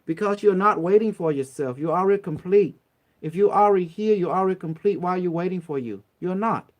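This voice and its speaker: A man's voice: high voice, brisk. A man from Cambodia giving blunt, streetwise, preachy advice in a casual motivational talk. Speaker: online talk host.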